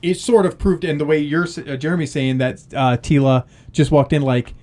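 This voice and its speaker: A rambling, chatty man co-hosting a podcast, with a voice pitched a little high for a man. He tells stories with plenty of fillers and slips into little voices for quotes. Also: fairly even intonation, fairly quick, darkish tone. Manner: rambling storyteller, many fillers, acts out quotes. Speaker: podcast co-host. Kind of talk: casual chat.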